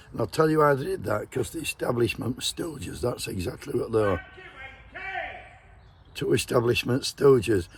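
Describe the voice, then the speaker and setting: Gravelly vlogger, husky and blunt. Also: male voice, medium pitch. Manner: blunt, scornful. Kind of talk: casual commentary.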